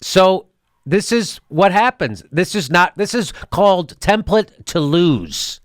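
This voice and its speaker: A man's voice: high-pitched, expressive, slow, no echo, clean studio sound. A man hosting a political commentary show, ranting sarcastically and laughing as he mocks what he plays. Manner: sarcastic, mocking, laughs often.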